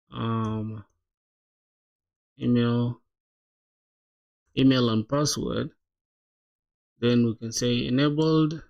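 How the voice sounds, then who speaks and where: A man's voice: medium pitch, a little mellow. A man live-streaming his coding, thinking aloud in casual chat, laughing often and calling viewers "bro".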